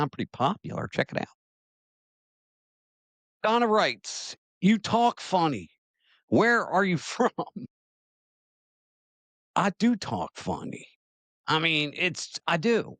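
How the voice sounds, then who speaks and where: A man's voice: medium pitch, a bit bright, no room sound. A man from Maryland hosting his own show, talking casually to camera in a chatty, self-deprecating way and reading viewer comments aloud. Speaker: show host.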